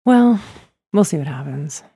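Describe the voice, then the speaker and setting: Woman telling neighbor stories, lowish voice, dry close mic, laughs a lot. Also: animated, a little slow, vocal fry, mellow, slightly rough, dry recording. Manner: chatty storyteller, acts out neighbors' lines, laughs often. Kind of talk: casual chat.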